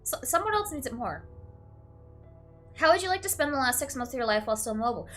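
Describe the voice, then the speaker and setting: High-pitched and quick, a young woman plays a game and reads its questions out over faint music. She's emotional, at times tearful, moving between flatness, tears, and laughter, and leans on "like" and "literally."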